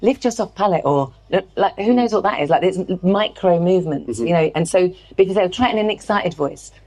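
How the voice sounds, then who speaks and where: Woman vocal coach, low-ish voice that swoops all over, animated and chatty. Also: brisk. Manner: animated, demonstrates vocal sounds mid-sentence. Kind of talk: casual podcast conversation with sung demonstrations.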